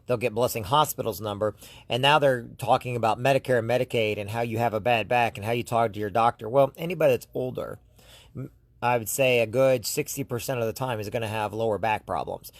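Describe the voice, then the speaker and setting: A man's voice: medium pitch, fast, no echo. Rambling man talking straight to camera. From United States. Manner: rambling, with frequent restarts; talks straight to viewers. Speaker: YouTube host. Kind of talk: casual vlog monologue.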